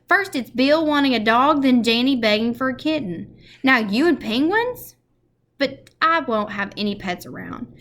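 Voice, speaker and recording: Storybook read-aloud: a sharp, scolding middle-aged housewife, voiced by a woman. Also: high-pitched, animated, moderate pace, voice pushed up.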